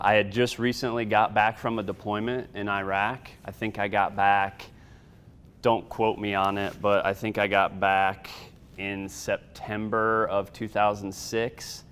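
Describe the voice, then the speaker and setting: A man in his thirties, an Air Force sergeant, giving a personal testimony in a measured storytelling way with occasional fillers. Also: fairly low pitch, fairly bright tone, a little hiss or hum.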